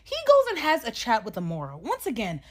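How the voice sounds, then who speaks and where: A woman recapping a reality show in a casual, sassy, animated way, swearing freely and laughing often. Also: on the high side, fairly quick. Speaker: recap vlogger.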